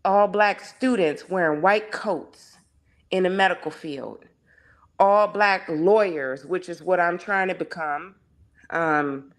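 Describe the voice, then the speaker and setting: A woman's voice: fairly low pitch, takes it slowly. A woman as a guest in a casual discussion, speaking with passion and piling up rhetorical questions. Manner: impassioned, heavy on rhetorical questions.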